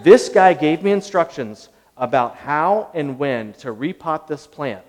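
A man giving a storytelling talk to an audience, animated, conversational and self-deprecating. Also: fairly high pitch, a little slow, in a large hall.

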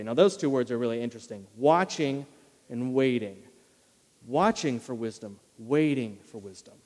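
A man preaching a sermon in a conversational way, repeating key phrases and slowing down to read scripture. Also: mid-range voice, a little mellow. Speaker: pastor. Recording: long reverb of a large hall.

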